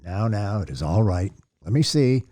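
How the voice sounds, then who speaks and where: A man doing a rumbling, gentle giant messiah. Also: very animated, moderate pace, slightly rough. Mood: soothing. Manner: soothing, folksy, with occasional stern reprimand. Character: huge bearded shepherd messiah, gentle but commanding. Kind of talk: audiobook character voice.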